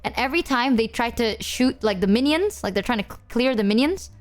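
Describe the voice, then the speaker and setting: A woman's voice: on the high side, expressive, a little fast, soft background music. A young adult woman streamer rambling through game stories with slang and swearing. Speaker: VTuber streamer. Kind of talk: casual storytelling about games.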